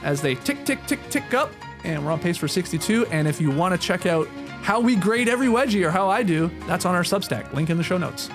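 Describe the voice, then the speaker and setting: A Canadian man hosts a casual sports podcast, upbeat and jokey. His voice sits high and swings widely in pitch as he talks. Faint music plays underneath. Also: animated, brisk. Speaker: podcast host.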